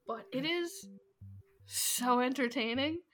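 A woman co-hosting a casual podcast chat, animated and swearing casually, laughing often. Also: high-pitched, takes it slowly, faint music behind. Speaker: podcast co-host.

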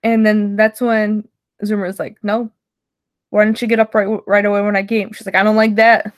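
A woman's voice: medium pitch, moderate pace. A young woman co-hosting a podcast, giggling as she recaps a show in casual chat and acts out the characters' lines. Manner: giggly, animated storytelling with acted quotes. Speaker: podcast co-host.

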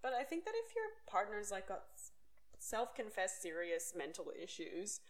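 Lively chatty woman podcaster. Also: mid-range voice, moderate pace. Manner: animated storyteller, acts out quotes, swears. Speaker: podcast co-host. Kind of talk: casual chat.

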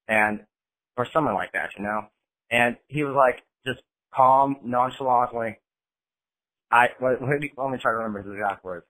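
A man's voice: mid-range voice, moderate pace, low-quality recording. Blunt American man chatting on a podcast. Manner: blunt, animated, swears freely. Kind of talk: casual podcast conversation.

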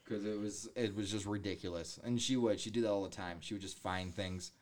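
A man telling animated stories in casual chat, mimicking voices in quotes and swearing often. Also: lowish voice, brisk, a loud crowd.

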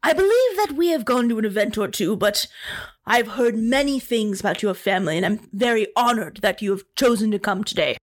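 A woman's voice: animated, a little fast, natural voice. Woman doing a jovial lion commander. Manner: jovial, booming welcomes. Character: hearty big male lion military commander.

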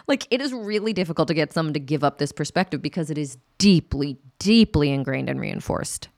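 Chatty woman sex educator, low gravelly voice, super candid, dry close sound. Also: animated, fairly quick, darkish tone, no room sound. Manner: candid, chatty, acts out quotes with laughs. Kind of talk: casual educational talk to camera.

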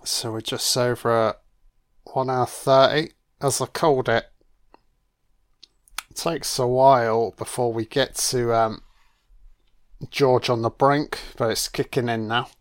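Brief: a male film commentator, casual and profane, mid-pitched. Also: fairly even intonation, a little slow, long pauses. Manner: blunt and profane, with frequent swearing.

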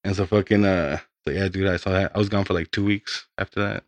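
A man's voice: low voice, fairly even intonation, quick pace, dry recording. A young man, a podcast guest, telling his story in a rambling, casual way with lots of swearing.

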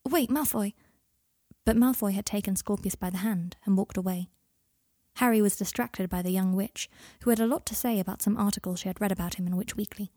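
A woman narrating a story in a calm audiobook reading, with a breathy voice. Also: mid-range voice, quick pace, dry recording, studio quality.

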